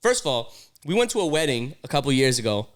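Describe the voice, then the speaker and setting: A man's voice: medium pitch, fast talker. A man co-hosting a podcast in casual, teasing banter. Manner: animated, teasing, jumps into voices and mock pronunciations. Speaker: podcast co-host.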